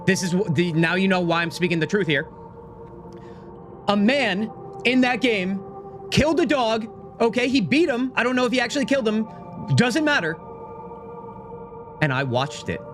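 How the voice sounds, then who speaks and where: A man talking into a desk microphone on a live gaming stream, joking and protesting in mock outrage to his chat. His voice sits a little higher than most men's. Faint game music plays underneath. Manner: animated, mock-indignant, joking.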